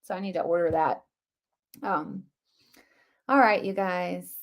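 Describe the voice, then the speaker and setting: Speaking at a measured pace in a fairly low voice, a middle-aged woman runs a live political commentary stream. Her talk is loose and lively, rambling with frequent restarts and fillers, and she keeps calling her audience "guys."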